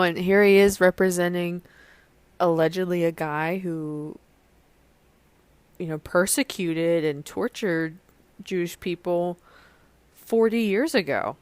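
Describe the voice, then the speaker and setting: A young woman hosts her own casual solo podcast, rambling along with many fillers and restarts. Her voice is fairly low, and the recording has no echo.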